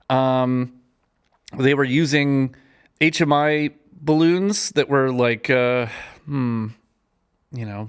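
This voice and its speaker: A man telling a work story in casual chat, lively, with many fillers, acting out the people he quotes with big jumps in pitch. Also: clean tone. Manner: chatty, many fillers and restarts. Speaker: podcast guest, gaffer and cinematographer.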